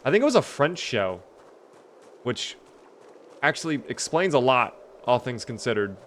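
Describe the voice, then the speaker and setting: Male streamer, mid-pitched, chatty running commentary with sudden outbursts, faint ambience behind. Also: normal speed, a little hiss or hum. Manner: chatty, talks to chat, bursts of excitement. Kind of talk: live game commentary.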